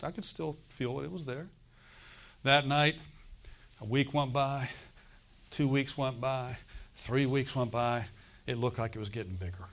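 A middle-aged man preaching with the rhythm of a storyteller, his pitch sitting in an ordinary middle range. He swings from quiet, confiding asides to sudden loud declarations, and breaks into acted-out bursts of laughter to drive his point home. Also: gravelly. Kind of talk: sermon.

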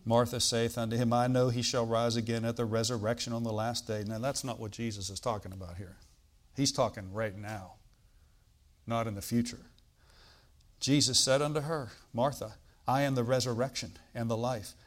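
A man preaching a sermon, reading scripture aloud and explaining it, swinging from loud bursts to quiet asides. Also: mid-range voice, normal speed. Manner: animated preaching, bursts loud on quoted lines then drops quiet; reads old-style scripture, asides with "all right?".

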